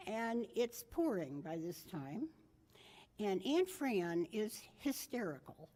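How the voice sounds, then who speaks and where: This older woman's memorial speech wanders through family stories, with frequent self-corrections. Her mid-range voice is warm and sing-song, and she speaks slowly.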